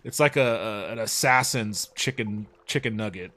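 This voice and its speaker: A man's voice: lowish voice, moderate pace, pushed and bright. A man giving casual, rambling gameplay commentary, joking around and swearing when frustrated. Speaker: let's play host.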